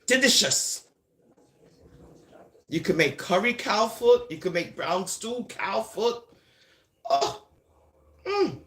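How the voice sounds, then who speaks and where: Teasing comic monologue, sing-song, slow drawn-out words, lively pitch. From Jamaica.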